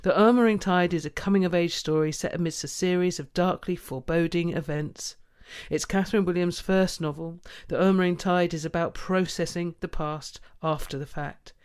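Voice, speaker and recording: A man's voice: on the high side, clear, resonant tone. A man presenting a radio book show, enthusiastic and effusive.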